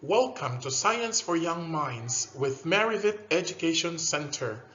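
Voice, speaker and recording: A man teaching a scripted science lesson to young learners, slow and animated, with drilled repetition and loud praise. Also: fairly high pitch, slight background noise. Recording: dull lo-fi recording.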